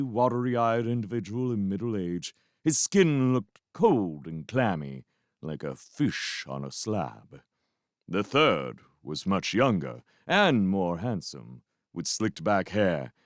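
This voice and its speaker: A man reading a story aloud in an expressive, measured way. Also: lowish voice, no room sound, studio quality. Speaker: reader. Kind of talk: fan audiobook narration.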